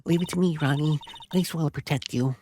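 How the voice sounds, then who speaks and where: A man's voice: on the high side, fairly quick, background noise, natural voice. A man putting on a sugary doting girlfriend. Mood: affectionate. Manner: sugary, mixes in French greetings.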